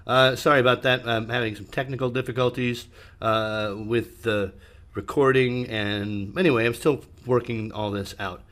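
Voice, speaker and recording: A man's voice: mid-range voice, fairly even intonation, normal speed, fairly bright tone. English teacher guy chatting through feedback, lots of ums, punches key words to demo stress. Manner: conversational, with many ums and uhs, stressing words to demonstrate. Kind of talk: online speaking feedback lesson.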